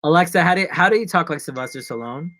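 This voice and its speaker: A man's voice: fairly high pitch, lively intonation, fast talker, bright, forceful tone, no room sound. A man live-streaming from his apartment, chatting in a rambling, jokey, self-mocking way. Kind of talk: casual live-stream chat. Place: apartment in New York.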